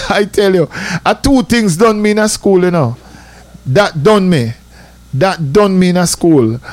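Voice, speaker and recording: Middle-aged Jamaican man, radio host, lively raconteur, raised voice, dead-dry studio sound. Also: fairly high pitch, no echo. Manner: lively, chatty, full of asides like "I tell you, man". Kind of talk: casual storytelling on radio.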